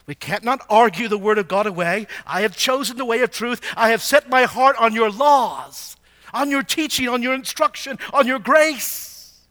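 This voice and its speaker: A man preaching a sermon in a high, bright voice. He leans on rhetorical questions, dropping to a hush and then rising to loud emphasis. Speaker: pastor.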